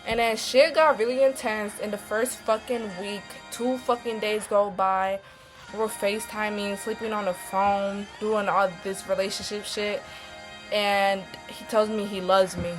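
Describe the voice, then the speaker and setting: A young woman talks straight to camera in a casual storytime vlog, blunt and full of slang and cursing. Her voice sits at a middle pitch for a woman. Faint music plays under her. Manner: blunt, swears heavily, slangy and animated. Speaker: vlogger.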